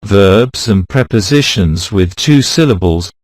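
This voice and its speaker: Male narrator for a pronunciation lesson, scripted and deliberate, unhurried delivery, dead-dry close mic. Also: fairly low pitch, lively intonation, dry recording. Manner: slow, deliberate, reads words out one by one. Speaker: pronunciation teacher.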